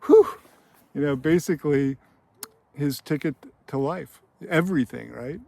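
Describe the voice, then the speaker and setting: A man's voice: fairly high pitch, normal speed, gravelly, a little mellow. A man hosting a screenwriting channel, telling a film scene in casual commentary with an enthusiastic, filler-heavy storytelling manner.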